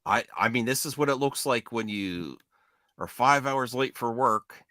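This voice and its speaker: A man's voice: medium pitch, lively intonation, measured pace, sharp tone, dry recording, clean studio sound. A man hosting a casual group livestream chat, joking and talking over the others. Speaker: stream host.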